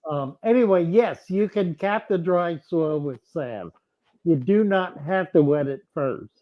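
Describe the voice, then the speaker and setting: A man hosting a casual livestream chat with viewers, thinking aloud in a halting way with frequent restarts. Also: a little high, lively intonation, dry recording, lo-fi sound. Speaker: host answering viewers.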